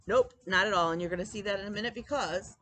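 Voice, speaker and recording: A woman's voice: medium pitch, fast, fairly bright tone, slight background noise. A woman chatting casually as a cross-stitch vlog host, telling stories with lots of quoted dialogue and fillers. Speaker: flosstube host. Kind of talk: casual chat.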